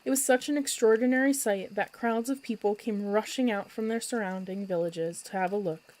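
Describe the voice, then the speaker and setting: A woman storyteller reading a children's book aloud at bedtime with expressive, lively narration. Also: mid-range voice, moderate pace, poor audio.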